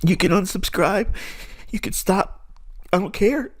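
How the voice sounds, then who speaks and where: A man's voice: high voice, measured pace. A man hosting a trading channel, delivering an impassioned, preachy, defiant monologue to his viewers. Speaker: forex trading channel host.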